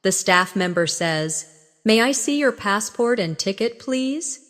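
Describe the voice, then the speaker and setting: Clear, slow-spoken woman teaching English. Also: medium pitch, lively intonation, fairly bright tone, long reverb tail. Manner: slow, clear, instructive delivery with model phrases. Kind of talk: scripted language lesson narration.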